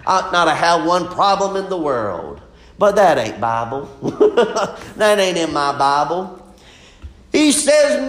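A high, animated male preacher who swings between shouted exclamations and laughing asides. He delivers his sermon at an unhurried pace, with the sound ringing around an echoey church room.

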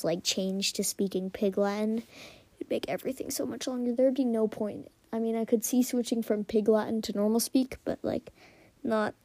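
A woman's voice: medium pitch, warm tone, no echo. A young woman hosting a solo podcast, rambling casually with lots of fillers and some whispered asides. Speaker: podcast host. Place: quiet room at home.

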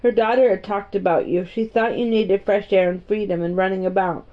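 A woman voicing a weary, melancholy gentleman guardian who speaks in a distracted, absent-minded way. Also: mid-range voice, steady tone, brisk, lightly acted. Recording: dull, muffled audio.

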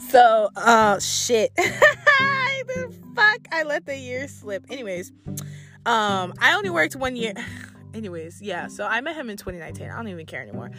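A young adult woman telling a story to her camera in a blunt, profane, exasperated storytime rant. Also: fairly low pitch. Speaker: vlogger.

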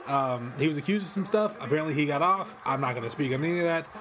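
A man's voice: a little high, crowd noise. Rambling, profane man hosting. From western Kentucky, USA. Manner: rambling, profane, quick to excited outbursts. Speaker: host. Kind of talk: casual watch-along commentary. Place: cold home office studio.

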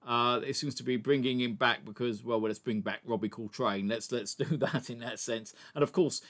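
A man's voice: mid-range voice, steady tone, moderate pace, a bit bright. Blunt opinionated guy on a movie chat, stumbles and restarts a lot. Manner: opinionated, stammering restarts, says "look" often. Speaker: podcast co-host. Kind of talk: casual film discussion.

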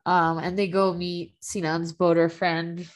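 This is a woman chatting casually as a podcast co-host, her voice sitting a little low. She talks loosely, full of fillers and easy laughs, as she walks through a TV episode. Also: level tone, unhurried. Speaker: podcast co-host recapping a TV drama. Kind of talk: casual chat.

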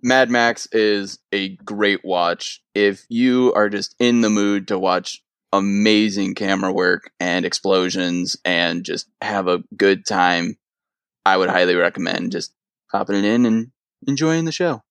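A man's voice: low-pitched, unhurried, fairly bright tone, clean tone, no echo. A man in his twenties, a podcast guest, chatting in a laid-back way with hesitant ums. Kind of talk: casual chat.

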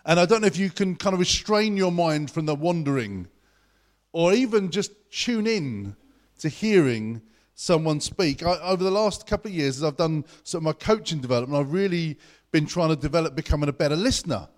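A man's voice: on the high side, animated. A young man preaching a sermon as pastor in a church, chatty and conversational. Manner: chatty and conversational, talks fast.

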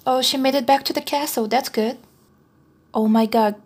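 A woman's voice: high voice, fairly even intonation, moderate pace, darkish tone, slightly rough. A woman chattily narrating the plot of a film as she watches it. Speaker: co-host film reviewer. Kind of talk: casual commentary while watching a film.

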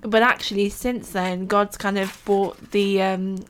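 A woman's voice: mid-range voice, level tone, unhurried, a little hiss or hum. A woman co-hosting a casual faith-based podcast. She talks in a chatty, storytelling way and laughs readily. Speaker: podcast co-host.

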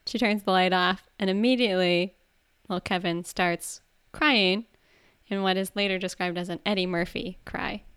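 A woman's voice: mid-range voice, moderate pace, clear, resonant tone, dry recording. A woman co-hosting a podcast, casually recapping an episode with lots of laughter and acted-out quotes. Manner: giggly, animated retelling with acted-out quotes. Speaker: podcast co-host.

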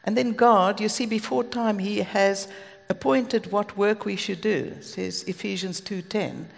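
A woman's voice: medium pitch, unhurried, creaky. A South African woman preaching a sermon, telling stories earnestly with asides. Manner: earnest, storytelling, with asides and light laughs. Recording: long hall reverb.

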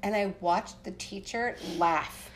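A woman from Pennsylvania co-hosting a podcast, telling a story in a casual, animated way with lots of "like" fillers and voices for the people in it. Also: mid-range voice, slow pace. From Appalachian Pennsylvania. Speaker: podcast co-host.

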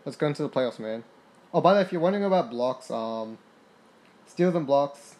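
Excitable young man reading out game stats. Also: on the high side, fairly quick. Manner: excitable, swears freely, reads out stats. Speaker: gaming podcaster. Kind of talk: casual game commentary.

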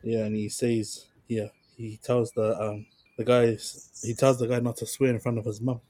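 A man with a New Zealand accent, co-hosting a podcast and telling funny stories in a relaxed, slangy way. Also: mid-range voice, moderate pace, dry recording. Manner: laid-back storytelling with slang and chuckles. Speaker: podcast co-host. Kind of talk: casual chat.

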